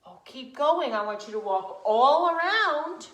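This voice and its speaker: A woman's voice: high voice, animated, a little slow, a bit bright, dull audio. A woman teacher leading young children through a movement lesson, encouraging and sing-song. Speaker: preschool teacher. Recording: echoey room.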